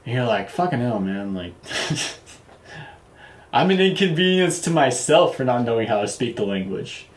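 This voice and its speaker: A man's voice: medium pitch, sing-song, normal speed. A man casually telling a travel story, loose and profane, with lots of fillers and restarts. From United States. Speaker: vlogger. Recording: roomy echo.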